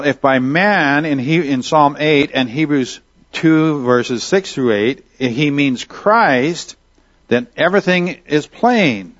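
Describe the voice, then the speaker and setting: A man's voice: fairly high pitch, fairly bright tone, no echo, muffled recording. A man teaching a Bible lesson in a conversational way, asking his listeners questions and reading Scripture aloud. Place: at a desk with Bible and notes on screen.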